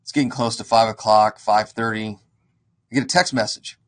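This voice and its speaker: Male, casual storytelling to a crowd, lively delivery, acts out dialogue. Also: lowish voice, normal speed. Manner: animated, acts out quoted dialogue. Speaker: real estate investor and educator.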